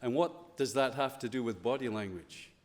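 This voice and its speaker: Speaking in a school chapel, a chapel speaker from Scotland addresses students in a playful, chatty style full of rhetorical questions. He has a medium-pitched voice and a moderate pace, and a long reverb tail follows his words.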